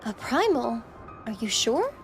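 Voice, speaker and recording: A composed noblewoman commander, as a woman reads her lines, measured and formal. The voice is high. Game music runs underneath. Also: big pitch swings. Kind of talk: reading game dialogue aloud.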